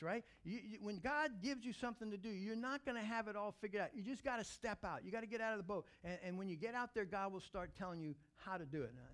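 A man, a pastor, telling a story in a sermon, animated and acting out the scene. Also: high-pitched, brisk.

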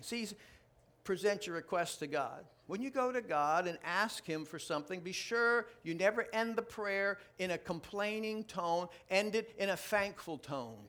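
High-voiced, animated preaching man. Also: normal speed. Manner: jokey, animated preaching with sudden loud outbursts. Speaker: pastor. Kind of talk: sermon. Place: church before a live congregation.

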